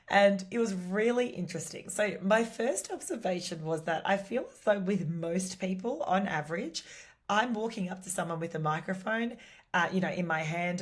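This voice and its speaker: An Australian woman, a podcast host, chatting casually on her solo show in a lively, talkative way with lots of "you know" and "like". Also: fairly low pitch.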